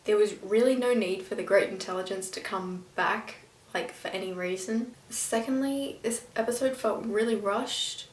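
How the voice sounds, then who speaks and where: A woman's voice: mid-range voice, moderate pace, distant mic. A woman reviewing a TV episode in a casual vlog, rambling and exasperated, sometimes stumbling over names. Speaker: video reviewer. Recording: echoey room, a bit off-mic.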